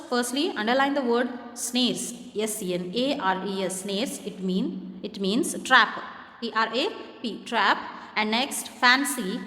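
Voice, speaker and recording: A woman's voice: a little high, a bit bright. A woman teaching an English lesson in Indian English, reading a story aloud and explaining it plainly, spelling difficult words letter by letter. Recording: echoey room with long reverb.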